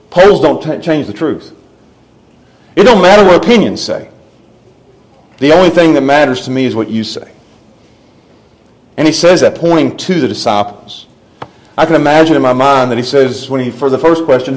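Male pastor, high tenor, emphatic sermon delivery. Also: lively intonation, normal speed, low-quality recording. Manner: emphatic, rising and falling preaching delivery.

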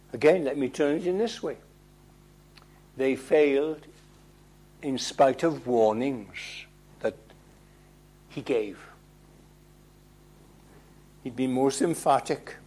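Slow, emphatic male preacher. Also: medium pitch. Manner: emphatic, rhetorical questions, swings between loud and hushed. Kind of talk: sermon.

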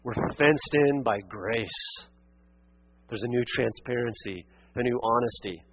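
Earnest husky-voiced man preaching a sermon. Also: mid-range voice, unhurried, highs cut off. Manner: earnest, exhorting, rising to emphatic peaks and dropping to quiet asides; addresses listeners as friend and beloved. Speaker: pastor. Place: church sanctuary.

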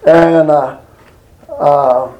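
A man teaching from the Bible in a folksy, halting way, full of fillers, slowing down to read scripture. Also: fairly high pitch, mellow, highs cut off. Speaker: preacher.

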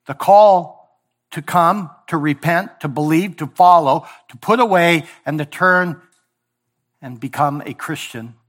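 Male pastor, slightly higher pitch, impassioned sermon delivery, shifts between loud and hushed. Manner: impassioned preaching, voicing God's words in quotes, swinging from loud to hushed. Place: church sanctuary.

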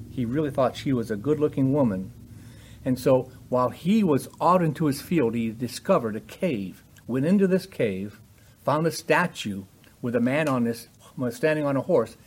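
A man preaching a sermon with emphatic delivery that rises in pitch and volume on key points. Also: darkish tone, husky.

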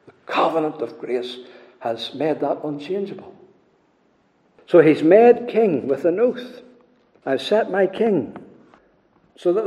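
Guy preaching, mellow voice, goes quiet then loud, big echoey room. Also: medium pitch. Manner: preaching cadence with wide swings between hushed and loud delivery. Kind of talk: sermon. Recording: echoey hall with long reverb.

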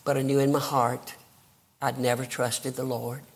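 Preaching with fervor, the older evangelist from the American South describes how he was converted and climbs toward emphatic outbursts. His pitch is medium and his tone level, with a breathy edge, at a moderate pace.

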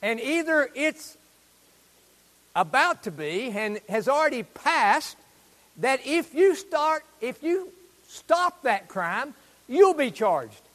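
High-voiced exuberant pastor preaching. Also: male voice, big pitch swings, takes it slowly. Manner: exuberant, rising to loud proclamations. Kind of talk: sermon. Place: church sanctuary. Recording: long reverb of a church hall.

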